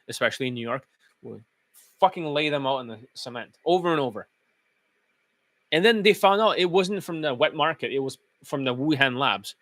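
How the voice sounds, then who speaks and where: A man's voice: a little high, pushed and bright, no echo. A man who coaches dating, talking in a blunt, profane, casual monologue.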